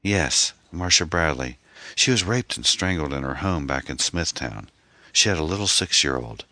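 A man's voice: rumbling low, animated, normal speed, bright, forceful tone, no room sound, full character voice. A man voicing a frightened, anxious middle-aged divorced mother in an audiobook, with a pleading manner. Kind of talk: audiobook character voice.

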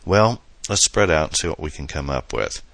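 In a storybook reading, a man plays a playful, boastful young man joking with his date, in a mock-grand, exaggerated manner. His voice is a rumbling low with vocal fry and a slightly bright tone, animated and at normal speed, and there's no echo.

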